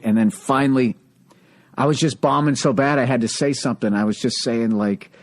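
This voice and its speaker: A man hosting a podcast, telling profane, animated stand-up stories in casual chat. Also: mid-range voice, fairly quick. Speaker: podcast host, stand-up comedian.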